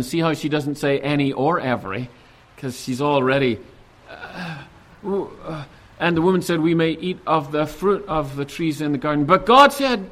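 A man preaching a sermon, emphatic and animated, acting out the quoted lines and often restarting his words. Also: normal speed. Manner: animated, acts out quoted voices with rising pitch.

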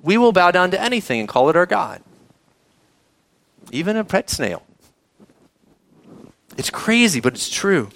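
A man delivers a sermon in a high voice that leaps up and down. He reads scripture aloud and keeps turning to the congregation with questions, speaking to the kids as well. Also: measured pace, vocal fry, long pauses. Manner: animated preaching, asks the audience questions, addresses kids. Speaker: pastor.

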